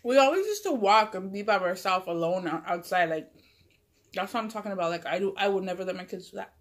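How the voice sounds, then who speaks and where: A woman's voice: mid-range voice, animated, fast talker. A woman vlogger casually telling a long personal story, rambling and full of "like" and self-corrections. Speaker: mukbang vlogger.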